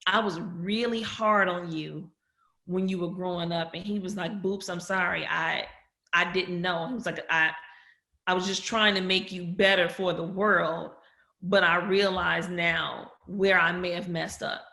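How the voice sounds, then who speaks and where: Bright-voiced woman, candid and emotional. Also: lowish voice, fairly even intonation, a little slow, creaky, echoey room. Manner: candid, emotional, quotes others in her own voice. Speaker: podcast guest. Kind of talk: personal storytelling in conversation.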